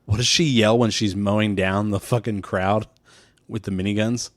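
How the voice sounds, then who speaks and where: A young man with a low-pitched voice talks through a film plot in loose, laughing podcast banter, swearing freely and wandering off on tangents. The sound is dry and close, with little room around it. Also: fairly even intonation, normal speed, no room sound. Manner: profane, laughing, rambling. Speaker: podcast co-host. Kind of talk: casual chat recapping a film. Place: room with many windows.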